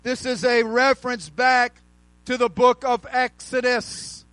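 A man preaching a sermon, calling out to the congregation and rising to shouts, with slow, drawn-out emphasis on key words. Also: very high-pitched, level tone, no room sound, poor audio.

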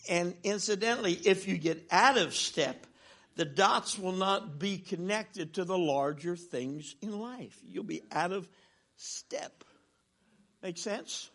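Older male traveling preacher, high voice, lively storytelling sermon with humor. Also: measured pace. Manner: animated storytelling with jokes, swinging from loud to hushed. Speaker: traveling minister.

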